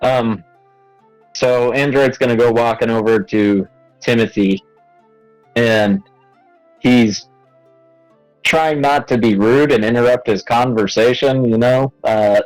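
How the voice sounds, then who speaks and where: A man's voice: medium pitch, slow pace, long pauses, darkish tone, no echo, soft background music, low-quality recording. A man playing a tabletop role-playing game, talking hesitantly with many fillers and frequent laughs. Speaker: player. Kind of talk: tabletop role-play, casual.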